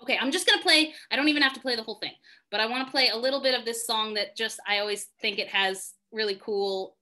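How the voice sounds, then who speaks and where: Bright-voiced woman teaching singing online. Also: a little high, fast talker. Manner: chatty and self-deprecating, thinks aloud. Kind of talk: live online music lesson. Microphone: video call.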